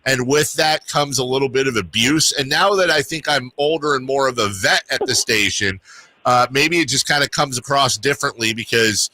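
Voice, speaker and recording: A man's voice: medium pitch, normal speed, bright, forceful tone, no echo. A middle-aged man hosting a sports radio show, chatting casually and rambling through stories with restarts. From Sacramento area. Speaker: radio sports talk host.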